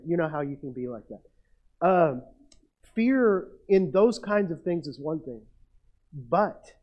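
Middle-aged male pastor, high voice, muffled lo-fi recording, self-mocking storyteller in a sermon. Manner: storytelling, self-mocking, builds to emphatic peaks. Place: church. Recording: muffled lo-fi sound.

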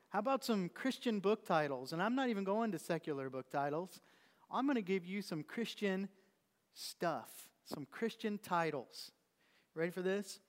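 A man's voice: a little high, smooth, in a large hall. A man preaching a sermon to his congregation, conversational and teasing, quizzing them with questions. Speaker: pastor. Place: church sanctuary.

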